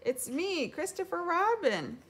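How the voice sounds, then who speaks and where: A woman's voice: a little high, expressive, a little slow, voice pushed up. A woman voicing a kind, sensible young boy who explains things patiently in a storybook read-aloud.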